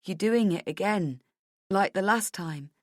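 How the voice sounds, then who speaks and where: A woman plays a frightened young husband on the verge of tears, his words halting and soft as he pleads. It is an audiobook reading in a dry, close recording. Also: mid-range voice, dry recording, natural voice. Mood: pleading.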